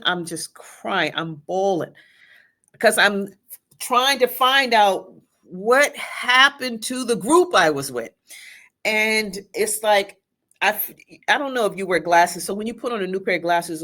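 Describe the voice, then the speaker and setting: A middle-aged woman appearing as a guest tells an emotional personal story haltingly, restarting often and quoting what people said. Her pitch is fairly low, and her tone is bright and forceful.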